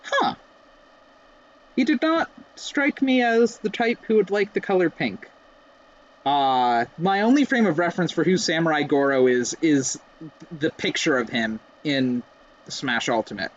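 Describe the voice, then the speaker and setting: A man's voice: a little high, animated, unhurried, highs cut off. A young man giving casual, rambling, self-mocking commentary while playing a racing game. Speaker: let's play streamer.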